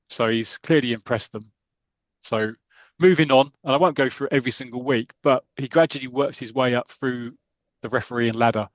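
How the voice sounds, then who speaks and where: A man on a podcast retells a comic strip story in a relaxed, chatty way, stumbling and restarting as he goes. His voice sits at an ordinary middle pitch. The recording is close and dry, with no room sound. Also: normal speed, no room sound, lo-fi sound. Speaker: podcast co-host.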